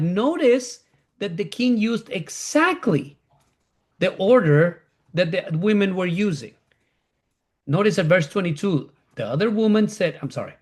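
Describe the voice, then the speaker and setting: A man's voice: high-pitched, big pitch swings. Man teaching a class, repeats for emphasis. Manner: repeats phrases, restarts, pauses to correct himself.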